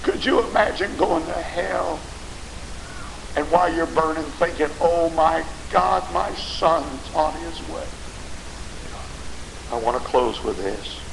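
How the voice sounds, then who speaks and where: A man preaching a fiery revival sermon with dramatic emphasis at a church service. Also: mid-range voice. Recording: echoey hall, hiss.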